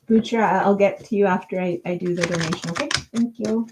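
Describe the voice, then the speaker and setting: A woman's voice: mid-range voice, quick pace, noisy background. A woman doing a chatty live-stream tarot reading, thinking aloud with lots of fillers and giggling now and then. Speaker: tarot reader. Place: home.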